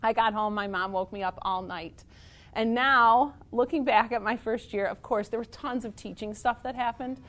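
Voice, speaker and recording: A woman teacher telling a personal story in a lively, self-mocking way. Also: fairly high pitch, normal speed.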